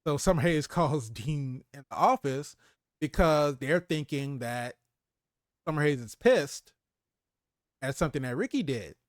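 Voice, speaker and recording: Guy on a movie podcast acting out scenes, bit high voice, dry close sound. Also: a little slow, long pauses, no echo. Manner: animated retelling, acts out character lines, laughs often. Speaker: podcast co-host. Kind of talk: casual movie review chat.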